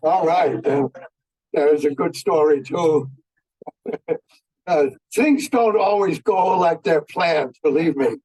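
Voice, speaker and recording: Halting old man telling war stories. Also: a little high, mellow, slightly rough, no room sound, rough recording. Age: 90s. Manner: folksy, halting with many fillers. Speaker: veteran speaker. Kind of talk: anecdotal war storytelling.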